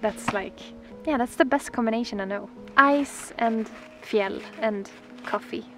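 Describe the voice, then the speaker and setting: A Swedish woman vlogging outdoors on a frozen lake, speaking in a gentle, dreamy, excitable way that sometimes drops softly toward a whisper. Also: a little high, a little slow, music in the background, poor audio. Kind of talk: casual vlog talk to camera.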